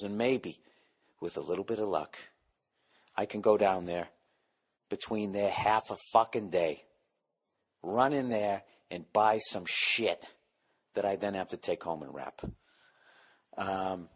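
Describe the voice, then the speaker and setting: A middle-aged man hosting a podcast, with a Boston accent, ranting in a profane, sarcastic, comedic monologue. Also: sits low. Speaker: podcast host.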